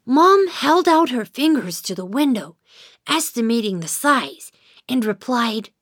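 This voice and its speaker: High, sing-song little kid narrating a cartoon, slow and gentle, dry sound. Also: female voice, very animated, no echo. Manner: gentle, patient storytelling. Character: sleepy, patient young child narrating. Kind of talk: children's cartoon storytelling.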